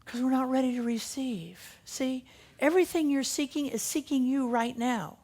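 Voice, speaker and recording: A woman minister delivers a sermon in a slightly higher voice. She repeats her key lines over and over, slowing down to stress them. Her tone stays steady and preacherly. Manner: emphatic, repetitive preaching with slowed key phrases.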